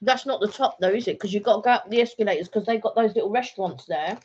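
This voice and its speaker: A woman co-hosting a live vlog stream, chatting in a rambling, easygoing way with frequent ums and self-corrections. Her voice sits at a middling pitch. The sound is dull and lo-fi, like a home streaming setup. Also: fast talker, a little mellow, breathy edge. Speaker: vlog co-host. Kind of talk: casual live-stream chat.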